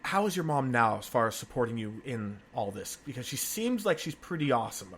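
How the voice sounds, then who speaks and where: Expressive man hosting an interview. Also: medium pitch, fairly quick, a little hiss or hum. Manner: empathetic and expressive. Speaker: podcast host. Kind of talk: conversational interview.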